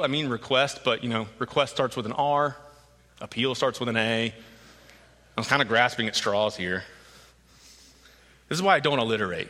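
A man preaching a sermon as pastor, conversational with joking asides, growing emphatic as he explains the passage. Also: on the high side. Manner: rises into emphatic, animated delivery when voicing the crowd. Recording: reverberant hall.

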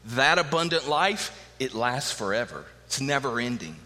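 A man's voice: medium pitch, big pitch swings, moderate pace, sharp tone. A middle-aged man preaching a sermon with emphatic rhetorical questions. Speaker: pastor. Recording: long hall reverb.

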